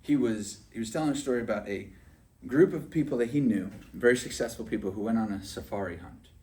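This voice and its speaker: A man's voice: medium pitch, fast, darkish tone, recorded from a distance. A man giving a motivational sales training talk, chatty and often asking "right?" to check in with his listeners.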